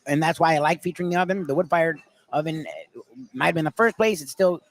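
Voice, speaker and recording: Man, higher-pitched voice, casual guest, chatty and laughing. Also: lively intonation, quick pace. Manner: chatty, laughing easily, rambling anecdotes. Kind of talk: casual chat.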